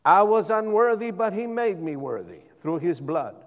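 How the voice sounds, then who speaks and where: A man's voice: high voice, big pitch swings, normal speed. A male pastor preaching a sermon, drawing the congregation in with repeated calls of "Amen?". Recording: long hall reverb.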